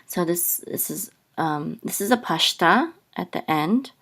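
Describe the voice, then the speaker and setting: A woman teaching a lesson step by step, pausing often with ums and sometimes singing out syllables. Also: lowish voice, animated, a bit bright, breathy edge. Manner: sings out chanted syllables, many ums and restarts. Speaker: Hebrew teacher.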